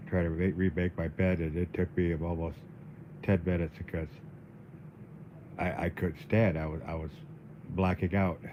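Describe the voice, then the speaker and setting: A man livestreaming in a casual, halting way, dizzy and weak, often repeating his words. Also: sits low, little pitch movement, lo-fi sound, background noise. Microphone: phone.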